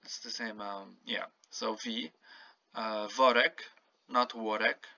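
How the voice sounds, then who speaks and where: A man with a gravelly, bright and forceful voice teaches a language lesson at an unhurried pace, repeating each word carefully so the learner can copy it. The recording is dry and a little dull, like a simple home setup. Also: on the low side, fairly even intonation, no room sound. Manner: slow, patient, repeats words to model pronunciation. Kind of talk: casual spoken language lesson.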